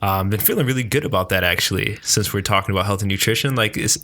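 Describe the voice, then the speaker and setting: A man co-hosting a podcast, chatting in an energetic, eager, self-deprecating way. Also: lowish voice, quick pace. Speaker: podcast co-host. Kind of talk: casual podcast chat.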